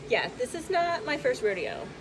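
A woman's voice: high-pitched, huge pitch swings, normal speed, poor audio. A woman friend of the host, chatting casually and joking with a laugh. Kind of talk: casual chat.

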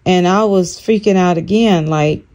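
An older woman recounting a dream in casual storytelling, animated and acting out quoted lines in a higher voice. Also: normal speed. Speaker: channel host.

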